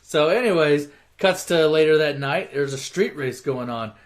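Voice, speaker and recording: A man's voice: a little high, moderate pace. A man retelling a movie plot in a casual, rambling way, with lots of swearing and filler words. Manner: rambling, profane, full of fillers. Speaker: storyteller.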